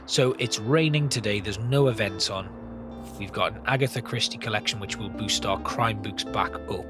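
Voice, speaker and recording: Relaxed male let's-player with a lowish voice, talks through his choices over game music. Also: moderate pace. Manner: thinking aloud, planning, relaxed. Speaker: gameplay host. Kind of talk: casual gameplay commentary.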